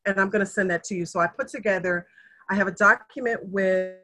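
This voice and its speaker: A woman's voice: mid-range voice, a little fast. A middle-aged woman in casual conversation, telling her family history in an earnest, emotional way and acting out the people she quotes. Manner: earnest, emotional storyteller, animated when quoting others. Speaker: guest sharing family history.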